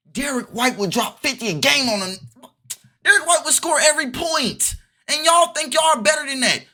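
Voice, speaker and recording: A man's voice: high-pitched, bright, forceful tone. A young man in a heated, repetitive commentary rant for his vlog, restarting his sentences often. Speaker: vlogger.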